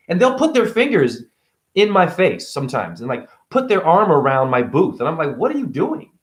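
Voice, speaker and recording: A middle-aged man vlogging in a casual, ranting monologue, jumping between loud outbursts and quiet asides. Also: a little high, very animated, normal speed. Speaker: vlogger and spiritual teacher.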